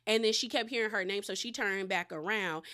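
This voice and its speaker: A woman's voice: medium pitch, fairly quick, pushed and bright. A woman hosting a casual recap of a reality show episode, chatty and slangy, retelling scenes as she goes.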